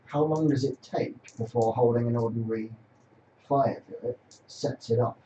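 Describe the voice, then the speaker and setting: A man's voice: medium pitch, moderate pace, warm tone, slight background noise. Playful curious man at a game table. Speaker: player. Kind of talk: casual tabletop game chat. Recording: roomy distant dull recording.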